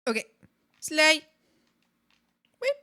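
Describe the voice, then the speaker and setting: A woman's voice: extremely slow, sharp tone. A young woman streaming live, chatting casually and giggling often as she talks to her viewers and to the animals on screen.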